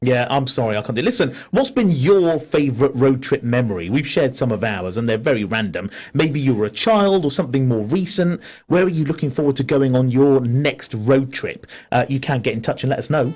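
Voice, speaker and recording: A man co-hosts a casual radio show from a studio mic. His voice is a little husky, and his pitch rises and falls widely. He stays upbeat and laughs often between listener messages. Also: lively intonation, a little fast, few pauses, darkish tone.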